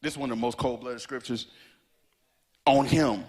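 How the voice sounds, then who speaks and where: In a church sanctuary before a live congregation, a man preaches a sermon in a medium-pitched, slightly mellow voice with fairly even intonation and a moderate pace. He repeats lines and breaks into a sung, whooping cadence.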